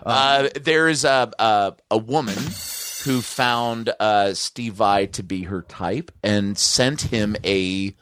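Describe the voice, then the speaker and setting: A man's voice: lowish voice, slow pace, slight background noise. A man co-hosting a podcast, telling stories in loose, rambling banter. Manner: rambling, animated storytelling. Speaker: podcast co-host.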